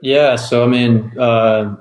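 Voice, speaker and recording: A man, a baseball pitcher guest, talking easygoingly with many fillers in a casual interview. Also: steady tone, slow pace, a little mellow. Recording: echoey room.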